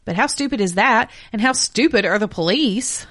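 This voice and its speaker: A woman's voice: a little high, animated, normal speed, fairly bright tone, dry recording, studio quality. A woman hosting a true crime podcast, reading case details and breaking off into blunt, profane asides. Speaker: podcast co-host telling the case.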